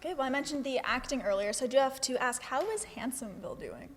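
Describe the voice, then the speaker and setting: A woman's voice: high-pitched, quick pace. A woman hosting an interview, reading out prepared questions in an upbeat manner. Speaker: interview host. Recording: reverberant room with faint noise.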